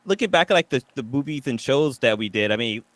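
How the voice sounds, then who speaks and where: A man's voice: medium pitch, lively intonation, quick pace, a bit bright, dry recording. A man co-hosting a casual podcast chat, rambling with lots of fillers as he explains things. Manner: rambling, filler-heavy storytelling. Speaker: podcast co-host.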